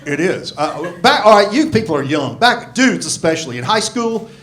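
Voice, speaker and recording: A man's voice: sits high, sing-song, moderate pace. Crude grumpy stand-up man in his sixties. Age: 60s. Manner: crude, self-mocking, swearing freely. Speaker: stand-up comedian. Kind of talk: stand-up comedy set. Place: comedy club stage. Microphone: handheld stage mic. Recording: live club audio with crowd laughter. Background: audience laughing.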